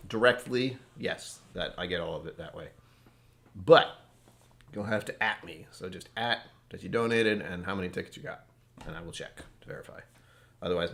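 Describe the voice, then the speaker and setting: A man's voice: low-pitched, fairly bright tone. A man hosting a casual whiskey tasting live stream from home, rambling and joking as he chats with viewers. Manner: rambling, joking, self-interrupting. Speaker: whiskey channel host.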